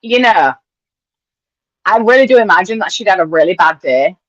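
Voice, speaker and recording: A woman co-hosting a casual podcast chat, talking in quick, repeated restarts and swearing casually. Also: mid-range voice, expressive, no echo, lo-fi sound. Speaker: podcast co-host.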